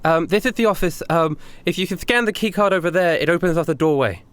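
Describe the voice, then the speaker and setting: A man's voice: on the high side, a bit bright, smooth, no echo, pitched above the performer's own voice, natural voice. Man putting on a stammering timid captive woman. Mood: subdued. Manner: stammering, halting, many false starts.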